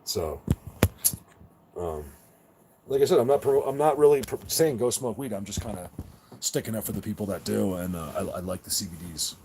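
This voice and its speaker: A man's voice: lowish voice, lively intonation, normal speed, pauses often, a little mellow, a little hiss or hum. Rambling laid-back guy chatting on a live stream. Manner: rambling, with many restarts and stammered repeats; laid-back and chummy, laughing at his own stories. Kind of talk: casual live-stream chat with viewers.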